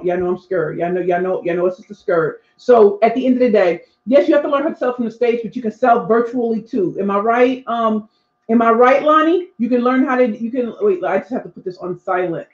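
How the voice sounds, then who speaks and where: A woman in her forties, a speaking coach, chatting live with her viewers and talking straight to them. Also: medium pitch. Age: 40s. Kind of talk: live stream chat reading viewer comments. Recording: echoey room, dull lo-fi sound.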